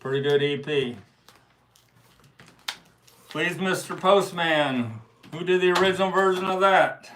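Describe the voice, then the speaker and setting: Male livestream host, slow and deliberate record-seller patter, bright tone, faint hiss behind. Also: a little high, low-quality recording. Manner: slow, unhurried collector's show-and-tell. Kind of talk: casual livestream chat. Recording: faint background noise.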